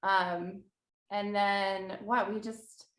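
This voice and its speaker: Woman in her thirties, podcast guest, chatty storyteller, mid-pitched voice, roomy echo. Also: flat delivery, very slow, fairly bright tone. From New Jersey. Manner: chatty, laughs often, storytelling. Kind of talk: casual chat.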